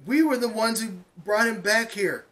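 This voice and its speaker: A man's voice: high-pitched, moderate pace, bright, forceful tone, pitched above the performer's own voice. A man voicing a determined teenage girl hero making an impassioned plea to a crowd. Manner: impassioned, raised speechmaking.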